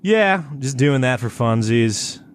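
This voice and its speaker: A man's voice: medium pitch, animated, takes it slowly, slight background noise. A man co-hosting a podcast, chatting casually in a rambling way, with lots of stumbling restarts and swearing. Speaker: podcast co-host. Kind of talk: casual chat.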